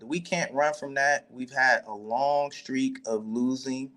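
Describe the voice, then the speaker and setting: A man's voice: medium pitch, takes it slowly, a bit bright. Proud Chicago-accented man fan. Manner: proud, boastful about his team. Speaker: guest fan. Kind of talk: casual sports talk.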